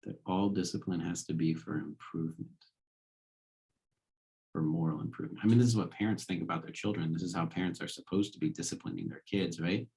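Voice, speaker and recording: A man's voice: low-pitched, a little fast, darkish tone, slightly rough. A man giving a casual philosophy lecture, talking conversationally and checking in with rhetorical questions.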